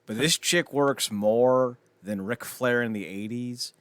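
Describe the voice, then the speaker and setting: A man's voice: medium pitch, slow, fairly bright tone, no room sound. A man co-hosting a casual comedy podcast, reviewing a movie with a jokey manner, laughing often and acting out bits. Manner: jokey, laughs often, acts out characters in quotes. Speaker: podcast co-host.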